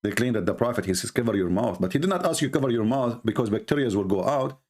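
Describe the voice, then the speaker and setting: Sarcastic man with a lively voice. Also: medium pitch, fast talker. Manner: mocking, scornful, rhetorical questions. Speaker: religious debater. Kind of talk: sarcastic monologue.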